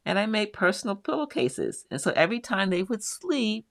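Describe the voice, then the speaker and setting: A woman's voice: medium pitch, big pitch swings, moderate pace, dry recording, clean studio sound. Chatty woman hosting a live quilting stream. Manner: chatty, reads out viewer names and answers warmly. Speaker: host of a live quilting show. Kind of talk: casual live-stream chat reading viewer comments.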